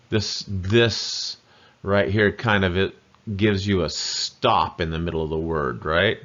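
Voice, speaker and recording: A man with a fairly low voice talks through a pronunciation lesson at a slow, unhurried pace. He is patient and says the syllables over several times. The audio is muffled and lo-fi. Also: a bit bright. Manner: patient, repeats syllables slowly. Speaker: language teacher. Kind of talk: explaining pronunciation in a video lesson.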